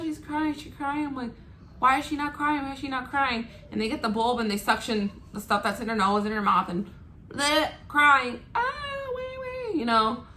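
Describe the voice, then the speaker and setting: A woman's voice: medium pitch, bright, forceful tone, slight background noise. A young woman vlogger telling a candid, casual story to her viewers, swearing freely and acting out what people said. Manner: candid, swears freely, acts out quoted lines.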